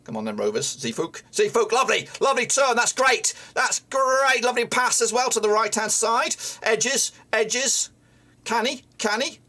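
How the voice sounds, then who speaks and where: A man reacting live to his team's match as a fan streamer, excitable, swearing often and yelling at the players. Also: extremely high pitch, normal speed.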